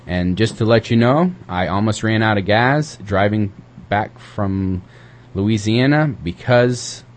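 Guy with a lowish voice chatting on community radio, rambly, lots of ums. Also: takes it slowly, slight background noise. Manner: rambling, hesitant, with many fillers. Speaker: co-host of a community radio show. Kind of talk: casual chat and news reading.

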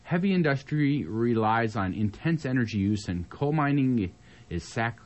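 A man's voice: medium pitch, expressive, moderate pace, muffled recording. A man co-hosting a casual news chat, reading headlines aloud and adding jokey asides. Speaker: co-host.

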